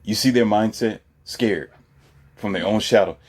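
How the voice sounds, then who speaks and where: A man co-hosting a casual commentary chat, animated and often mocking others. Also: a little slow, husky. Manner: animated, slips into mocking high voices. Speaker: podcast co-host.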